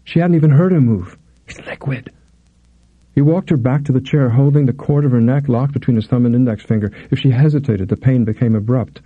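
A man reading a thriller as an audiobook narrator, in measured, intense storytelling. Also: medium pitch, husky, dry recording, phone-quality sound. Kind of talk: scripted narration.

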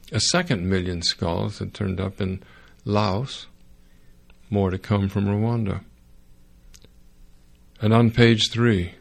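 A man narrating a first-person audiobook in a wry, sardonic way, with dry dark humor. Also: lowish voice, vocal fry.

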